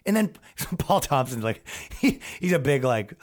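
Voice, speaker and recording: A man's voice: mid-range voice, big pitch swings, unhurried. Man, podcast host, comedic rant, swears a lot, rambling, sarcastic.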